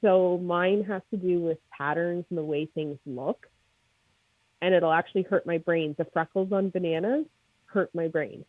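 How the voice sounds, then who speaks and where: A woman with a Maritime Canadian accent, a snake breeder chatting as a guest in a casual livestream interview, excitable and jokey. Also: on the low side, normal speed, no room sound. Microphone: video call. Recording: tinny phone-like video call line.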